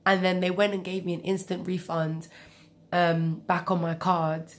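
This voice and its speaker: A woman's voice: on the low side, completely flat delivery, measured pace. Chatty woman with a cold. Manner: chatty, rambling with asides. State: has a cold, coughing. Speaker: vlogger. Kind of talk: casual storytelling.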